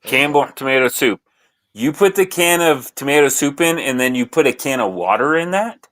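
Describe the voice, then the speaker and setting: Playful teasing man, lively pitch. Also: moderate pace, dry recording. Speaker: podcast co-host. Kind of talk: casual chat.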